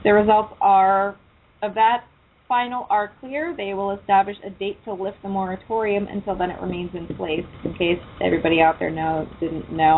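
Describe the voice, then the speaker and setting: A woman hosting a laid-back internet radio show. She chats in a loose, profane way. The sound is tinny and phone-like, with a faint hiss underneath. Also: fairly low pitch. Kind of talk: casual internet radio chat.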